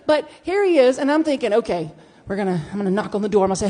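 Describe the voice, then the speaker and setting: A woman minister giving a storytelling sermon, acting out dialogue with big jumps in pitch and loudness. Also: very fast. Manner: animated, acts out dialogue with big swings in pitch and volume. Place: church sanctuary.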